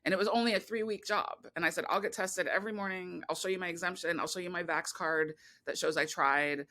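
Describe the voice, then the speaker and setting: A woman guest on a podcast, telling a long personal story in a rambling, animated way, full of restarts and quoted voices. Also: on the low side, fast talker. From California. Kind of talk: casual interview conversation.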